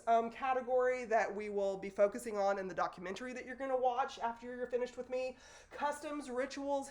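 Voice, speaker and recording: Woman giving a casual sociology lecture. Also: fairly high pitch. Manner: conversational, with fillers and self-corrections. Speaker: sociology teacher. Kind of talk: recorded classroom lecture. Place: classroom in front of a board.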